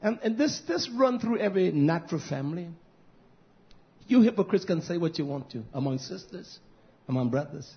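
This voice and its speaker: Male preacher with a high voice, fiery and scolding, muffled lo-fi sound. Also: lively intonation, moderate pace. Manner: fiery, scolding, swings between shouted and hushed lines. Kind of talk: fiery sermon. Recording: dull lo-fi recording.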